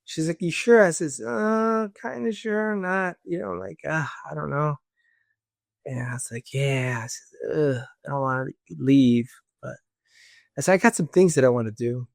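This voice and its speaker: Brief: male guest, gravelly, fairly high voice, dry close sound, casual storyteller voicing others' lines. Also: measured pace, dry recording. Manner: recounts dialogue, acting out voices of others; casual, with many fillers like "this and that". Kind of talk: storytelling in conversation.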